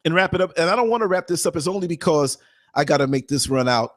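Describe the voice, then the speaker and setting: A man tells a story in a loose, conversational style, with a fairly high voice for a man. He performs other people's lines and hammers his points home by repeating them. He comes across as a podcast host speaking freely. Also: quick pace. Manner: animated, acts out quotes, emphatic repeats. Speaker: podcast host and former bus driver. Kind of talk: casual storytelling.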